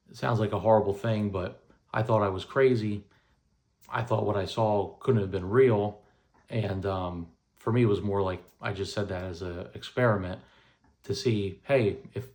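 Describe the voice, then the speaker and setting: Guy in his 30s telling his own story, lowish voice, lots of you know and restarts. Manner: rambling, many fillers and restarts. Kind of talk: casual personal storytelling.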